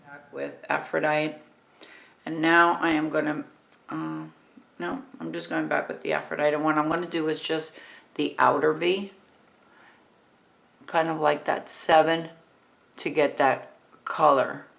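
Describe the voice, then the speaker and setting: A woman in her fifties with a New Jersey accent, talking through a makeup tutorial in a relaxed, chatty way while she works. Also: low voice, measured pace, vocal fry, long pauses. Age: 50s.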